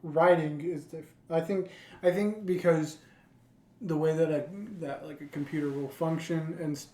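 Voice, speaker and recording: A woman with a very low voice chats as a podcast co-host. She questions points and probes their logic. The recording sounds echoey, as if made in a bare room. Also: steady tone, moderate pace, mellow. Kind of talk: casual chat.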